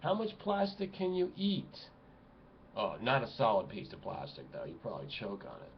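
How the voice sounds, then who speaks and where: Fired-up male vlogger, exclamatory outbursts and low muttering, dull home recording. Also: wildly swooping pitch, normal speed, gravelly, a little hiss or hum. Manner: agitated, exclamatory, swings between loud outbursts and low mutters. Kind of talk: impassioned ranting monologue. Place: home room at a computer desk.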